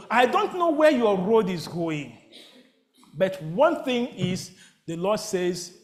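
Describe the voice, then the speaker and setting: High-voiced preacher asking call-and-response questions. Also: male voice, very animated, takes it slowly. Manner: call-and-response questions, rising to near shouts. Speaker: pastor. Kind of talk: sermon. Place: church sanctuary.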